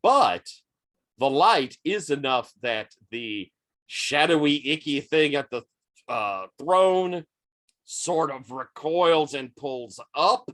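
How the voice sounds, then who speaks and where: A man running a tabletop game as game master, taking his time and filling pauses with ums and uhs. His pitch moves a lot as he narrates, though he speaks slowly. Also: expressive, a bit bright. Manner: unhurried, with frequent ums and uhs.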